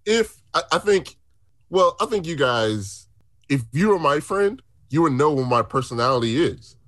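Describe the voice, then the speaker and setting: A man's voice: fairly high pitch, big pitch swings, normal speed, a bit bright, no room sound, studio quality. A man co-hosting a podcast who talks casually and defends himself with jokes. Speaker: podcast co-host. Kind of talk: casual chat.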